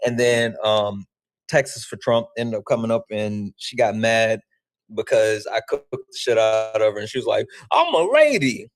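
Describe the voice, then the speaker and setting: A man with a lowish voice hosts a livestream, talking casually at a normal speed. He's animated and profane, swearing a lot and laughing often.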